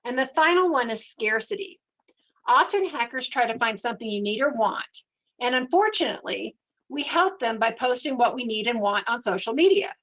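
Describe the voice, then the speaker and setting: A woman giving an educational webinar talk in a steady, explanatory, conversational way. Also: fairly high pitch, moderate pace, highs cut off. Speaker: webinar presenter.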